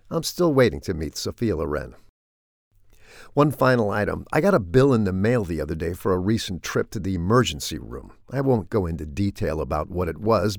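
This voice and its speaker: A middle-aged man with a low, gravelly voice reads his comic commentary in a wry, deadpan way. He sounds close and dry, with no room around him. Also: dry recording. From United States. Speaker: commentator hosting a weekly segment.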